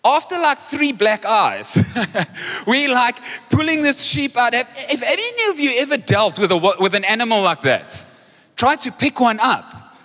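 A man preaching a sermon as pastor, animated and joking as he tells a story. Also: very high voice, measured pace. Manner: energetic, animated storytelling with jokes. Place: large church hall. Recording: live church hall reverb with music.

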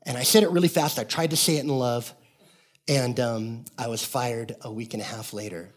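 A man's voice: mid-range voice, fairly even intonation, moderate pace. A man in his fifties, a pastor preaching a sermon, talking in a casual storytelling way and calling out to the congregation. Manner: storytelling, conversational, calls out to the congregation; acts out characters in quoted voices.

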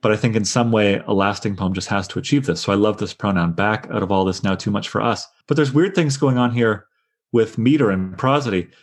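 A man leading a poetry discussion, thoughtful, reading lines of verse aloud slowly. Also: on the low side. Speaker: discussion leader.

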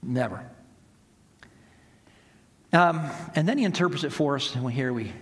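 A man preaching a sermon in a relaxed, conversational way, acting out the voices of people in the stories he tells. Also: on the high side, a little fast, big-room sound. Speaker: pastor.

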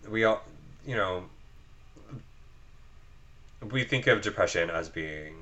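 A man with a very low voice talks earnestly in a relaxed podcast conversation. He leans on fillers and restarts his sentences often. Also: takes it slowly. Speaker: podcast guest. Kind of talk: casual chat.

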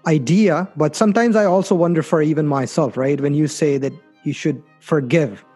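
A man's voice: fairly high pitch, moderate pace, warm tone, slightly rough, faint music behind. A man in casual conversation who asks questions and checks with "right?" often. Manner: inquisitive, adds "right?" often.

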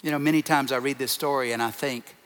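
A pastor preaches emphatically to his congregation, stacking up short repeated phrases. He talks fast at medium pitch with a steady, slightly bright tone, and a large hall adds long reverb.

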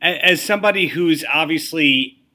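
Bright-voiced man asking interview questions. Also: on the high side, normal speed. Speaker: podcast host.

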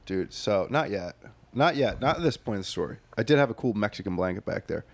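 A man's voice: on the low side, fairly quick. A man co-hosting a podcast, telling a story in a laid-back way and swearing often. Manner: laid-back, swears a lot, animated when telling stories. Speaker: podcast co-host. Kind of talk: casual storytelling.

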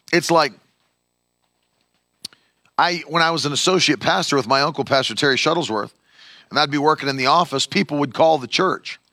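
A man preaching a sermon as a pastor, animated, acting out the voices of the people he quotes. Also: high-pitched, gravelly, dry recording, clean studio sound.

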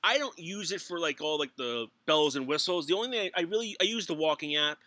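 A middle-aged man telling stories in casual chat as a podcast co-host, animated, laughing often and swearing. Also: fairly high pitch, fast talker, dry recording.

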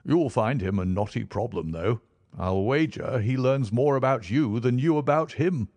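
A man's voice: medium pitch, animated, moderate pace, darkish tone, no room sound, voice pushed up, lightly acted. A man voicing a genial, teasing young man in a storybook reading, in a slightly raised voice.

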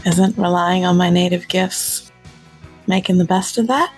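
A woman's voice: fairly low pitch, steady tone, a little slow, soft background music. A woman playing a headstrong young fencing pupil in a tabletop game, talking back earnestly.

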